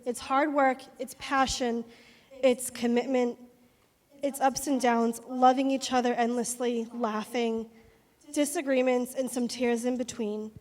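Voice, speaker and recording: A woman's voice: on the high side, flat delivery, measured pace, a little mellow, big-room sound. A woman, the bride's sister, giving a nervous wedding toast, laughing and stumbling over her words at a reception.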